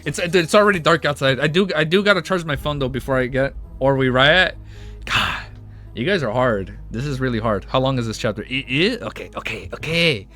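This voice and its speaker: A man streaming a live reading of a web novel, excitable and stammering, clearing his throat as his voice wears thin. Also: medium pitch, soft background music. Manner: excitable, stammering, reads quickly with jumpy asides. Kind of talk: casual live reading and reacting.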